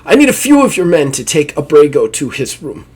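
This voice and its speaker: A man voicing a pious, commanding high church leader who speaks in formal, measured pronouncements. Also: huge pitch swings, a little mellow, breathy edge, full character voice, rough recording. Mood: solemn.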